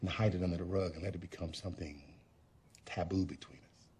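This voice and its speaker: An actor playing an awkward, gentle father who speaks in a soft, apologetic, halting way. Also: low voice, steady tone, slightly rough. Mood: earnest. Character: awkward, gentle middle-aged father, overly earnest. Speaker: father in a horror film.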